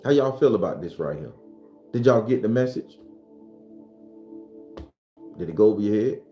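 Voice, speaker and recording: A man's voice: expressive, normal speed, faint music behind. Blunt, profane man in an echoey room. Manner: gets loud and high-pitched when fired up. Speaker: spiritual teacher. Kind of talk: unscripted spiritual talk.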